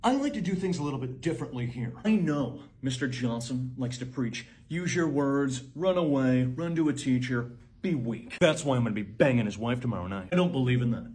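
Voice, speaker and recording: A man playing a sleazy, scheming male school counselor in a comedy sketch, talking low and smug. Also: lively intonation, fairly quick, a little mellow, close to an everyday voice.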